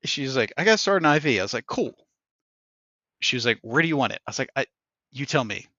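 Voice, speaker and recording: A male podcast host tells stories in an easy, chatty way and acts out the voices of the people in them. His voice has a bright, forceful edge. The sound is dry and somewhat dull, like a lo-fi recording. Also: mid-range voice, fast talker, no echo. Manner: animated storyteller acting out others' lines with laughs. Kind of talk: casual chat, storytelling.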